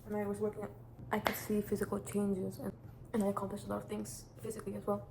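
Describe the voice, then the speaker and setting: A teenage girl rambles through casual advice in a chatty, meandering way, circling back on herself often. Her pitch stays fairly level, with little rise and fall. The recording is roomy and echoey, with clear background noise underneath. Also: monotone, quick pace. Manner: rambling, chatty, many restarts and "like" fillers. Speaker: vlogger.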